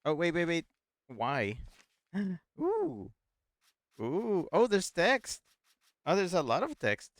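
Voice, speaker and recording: A man streaming a video game, chatting excitedly, repeating words and reading the chat aloud. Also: high-pitched, slow pace, long pauses, no echo, studio quality. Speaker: gaming streamer. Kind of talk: excitable live gameplay chat.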